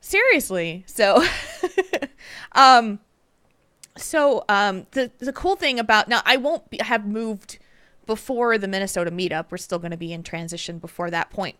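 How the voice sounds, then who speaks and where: A woman's voice: medium pitch, normal speed, clean tone, dry recording. Chatty woman hosting a podcast. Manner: chatty and animated, rambling with fillers. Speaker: podcast host. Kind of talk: casual podcast chat.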